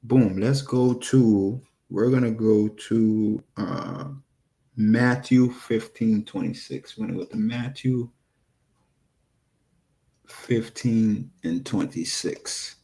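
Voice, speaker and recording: Animated man preaching to his viewers. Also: lowish voice, slow pace, vocal fry. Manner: animated, rambling, addresses viewers directly. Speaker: religious video preacher. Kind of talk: casual scripture commentary to viewers.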